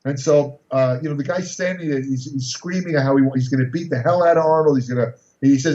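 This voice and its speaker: This man in his sixties, guesting on a podcast, talks fast in a warm, medium-pitched voice with a steady tone. His anecdotes are casual and rambling, studded with restarts and fillers. The recording is distant, roomy and dull.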